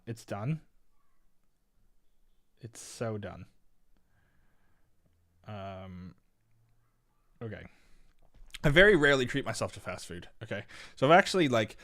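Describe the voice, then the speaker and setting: On a dry recording, a young man from Canada keeps up casual live-stream chat during a chess session. His talk wanders, dropping into quiet mumbling and then erupting in loud frustration.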